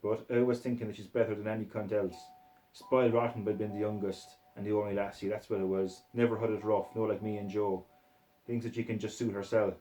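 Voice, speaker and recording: A man's voice: fairly low pitch, a little mellow, poor audio. A man with a Scottish accent reading a gritty novel aloud in a coarse, swearing first-person voice. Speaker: reader.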